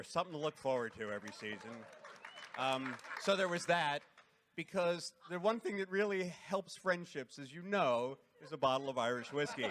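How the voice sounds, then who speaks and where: A man's voice: on the high side, fairly bright tone, a little hiss or hum. A man telling wry, teasing anecdotes as a cast member on a reunion panel.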